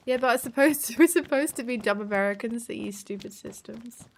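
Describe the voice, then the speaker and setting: A woman's voice: on the high side, a little fast. An English woman live-streaming a game, chatting casually, laughing often and swearing freely. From England. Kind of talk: casual live-stream chat while gaming.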